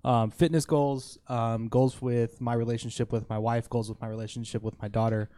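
A man's voice: mid-range voice, little pitch movement, normal speed, warm tone, a little hiss or hum. Thoughtful man speaking hesitantly. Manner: thoughtful, hesitant, many ums. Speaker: podcast co-host. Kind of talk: casual faith talk.

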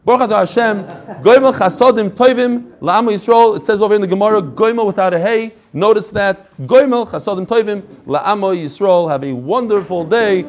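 A man's voice: high-pitched, fairly quick, a little mellow. A male Torah teacher giving a classroom lecture, reading each phrase and then explaining it with energy, adding chatty asides and jokes.

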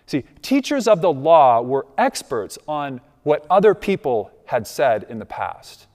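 A man's voice: on the high side, very animated, measured pace, hardly any pauses, a little mellow. A man preaching a sermon as a pastor, in a conversational way, checking in with the congregation. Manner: conversational, asks the congregation "right?". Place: church sanctuary. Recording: long reverb of a large hall.

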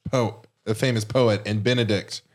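A man's voice: on the low side, fairly even intonation, normal speed, darkish tone. A man in a casual podcast chat asking playful follow-up questions. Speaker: podcast co-host.

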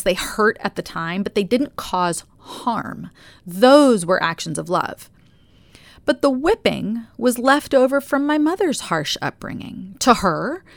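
A woman with a New Jersey accent, speaking as a podcast host in an earnest, confessional personal reflection that often drops to a soft near-whisper. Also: lowish voice, vocal fry, no room sound.

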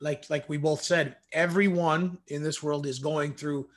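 A man hosts a casual interview, his voice a little higher than most men's. He asks long, rambling questions that halt and restart. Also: steady tone, a little slow. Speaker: host.

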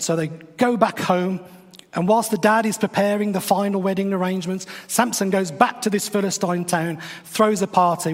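A man's voice: high voice, long reverb tail. A man, retelling a Bible story in a chatty, wry way with playful asides, as a podcast host. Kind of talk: casual devotional storytelling.

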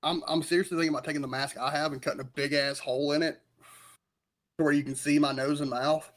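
Laid-back wisecracking man, slightly higher voice. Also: fairly even intonation, quick pace. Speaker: podcast co-host. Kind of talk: casual chat.

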